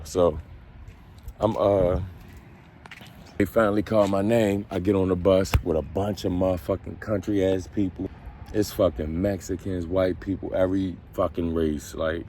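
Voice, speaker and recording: Low-voiced man telling a profane story. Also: mellow, a little hiss or hum. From Baltimore. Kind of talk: casual storytime.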